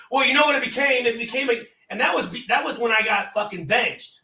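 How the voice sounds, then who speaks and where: A man's voice: very high voice, animated, moderate pace, sharp tone, roomy sound, recorded from a distance, poor audio. A man telling a profane locker-room story on a live show, acting out the people he quotes. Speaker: former player telling a story.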